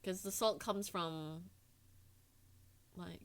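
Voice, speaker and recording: A woman's voice: lowish voice, fairly even intonation, extremely slow. A woman streamer in casual chat with her audience, bubbly and giggly, teasing herself in a playful way.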